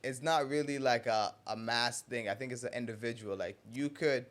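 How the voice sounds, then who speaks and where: A man co-hosting a casual podcast, soft-spoken and agreeable, asking short questions. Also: mid-range voice, normal speed.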